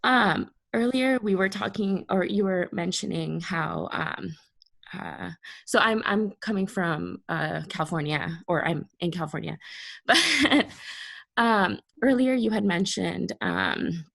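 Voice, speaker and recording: A woman on a video call who asks a question, speaking haltingly as she searches for words. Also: mid-range voice, expressive, gravelly, fairly bright tone. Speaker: participant. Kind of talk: casual video call discussion.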